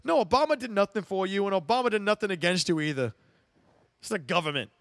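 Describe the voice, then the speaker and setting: A man's voice: high voice, animated, quick pace, a bit bright, dry recording. A young man hosting a casual solo sports show, ranting emphatically and laughing often.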